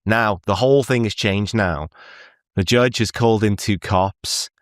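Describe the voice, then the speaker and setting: A man's voice: on the low side, unhurried, dry recording, clean studio sound. A man hosting a reaction show, rambling casual commentary on courtroom clips with frequent laughs. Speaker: reaction video host.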